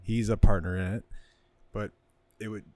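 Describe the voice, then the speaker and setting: A man guesting on a podcast at a distillery, telling relaxed stories in a casual chat full of "like" fillers. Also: on the low side, moderate pace, slight background noise. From Ontario, Canada. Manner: relaxed, loose storyteller with lots of "like" fillers. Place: indoors at a distillery.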